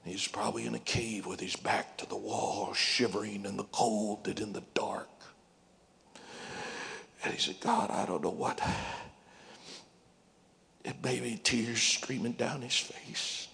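Slow gravelly preacher man. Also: fairly low pitch, steady tone, pushed and bright. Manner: dramatic, drops to whispers and sings out scripture. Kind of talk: sermon.

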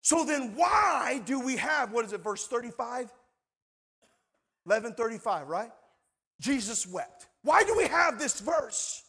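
A man preaching a sermon as pastor, impassioned, moving between shouted lines and hushed, quiet passages. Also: extremely high pitch, sing-song, measured pace, creaky, husky.

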